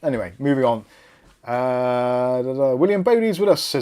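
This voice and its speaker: A man's voice: mid-range voice, animated, moderate pace, mellow, smooth. A man with a Bristolian accent hosting a casual live stream. He chats, jokes and reads viewer comments aloud. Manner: chatty, jokey, self-deprecating asides.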